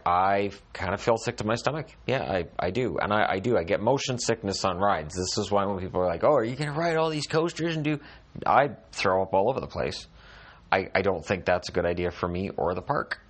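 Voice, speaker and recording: A middle-aged man with a deep, low voice chats on his podcast from a hotel room. His humor is dry and self-deprecating, and he often restarts his sentences as he goes. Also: fairly quick, a bit bright. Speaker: podcast host. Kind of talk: casual solo podcast chat.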